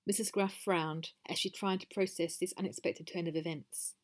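A woman narrates her own storybook with a dry, wry touch. Her voice sits on the low side, and she lets the humour land without pushing it. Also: steady tone, normal speed.

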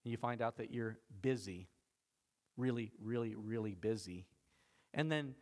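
Lively, animated male pastor preaching. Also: medium pitch, normal speed, long pauses. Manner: animated and conversational, laughs often. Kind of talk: sermon.

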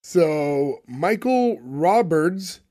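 High-voiced man with a dry, teasing wit. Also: expressive, extremely slow, warm tone. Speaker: podcast co-host. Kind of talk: casual podcast chat.

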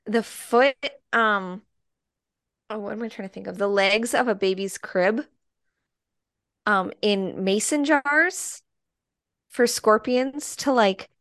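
A woman's voice: medium pitch, a bit bright, no echo, clean studio sound. Chatty squeamish woman from the Midwest. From American Midwest. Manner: chatty, squeamish, full of fillers. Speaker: podcast co-host. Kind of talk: casual chat.

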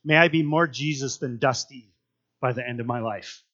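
A man's voice: medium pitch, moderate pace, a bit bright, lo-fi sound. A man leading a casual devotional Bible teaching, chatty and earnest with lots of fillers.

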